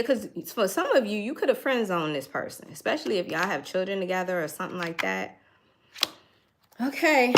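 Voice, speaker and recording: A woman's voice: on the low side, fairly bright tone, slight background noise. A woman giving a casual tarot reading, thinking aloud in a chatty way and laughing now and then. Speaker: tarot reader.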